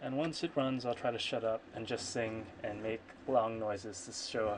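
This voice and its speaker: A man's voice: on the low side, fairly even intonation, normal speed, noisy background. A man streaming his programming work, thinking aloud in a rambling, self-correcting way and muttering to himself. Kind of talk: casual thinking-aloud coding screencast. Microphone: computer microphone. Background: keyboard typing and clicks.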